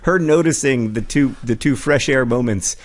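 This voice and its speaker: A man in his forties co-hosts a casual comedic podcast chat, speaking in a mid-range voice at a moderate pace. He rambles and pokes fun at himself, with plenty of ums and restarts. He's recorded on a studio mic while wearing headphones.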